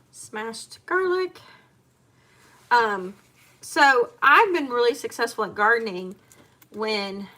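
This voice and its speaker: A woman's voice: mid-range voice, pushed and bright. A woman in her home kitchen chatting casually and rambling as she chops and cooks. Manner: chatty and rambling, talking while chopping and cooking. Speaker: homemaker vlogger. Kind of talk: casual chat while cooking.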